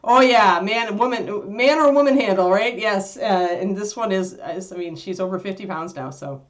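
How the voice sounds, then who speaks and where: A woman hosting a casual livestream, animated and laughing, cooing at her puppy between remarks. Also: mid-range voice, moderate pace. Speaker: livestream host.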